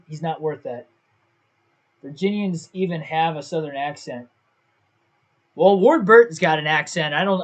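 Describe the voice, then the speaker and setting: On the high side with a fairly bright tone, this young man's voice narrates his own gaming livestream. He talks casually to viewers, thinking out loud and doubting his choices as he goes.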